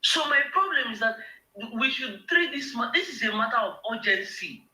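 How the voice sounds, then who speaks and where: A man's voice: very high-pitched, lively intonation, moderate pace, pushed and bright, roomy sound, low-quality recording. A man with a Nigerian accent, speaking on a live show in an emotional, emphatic rant that repeats words when heated. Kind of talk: impassioned political rant.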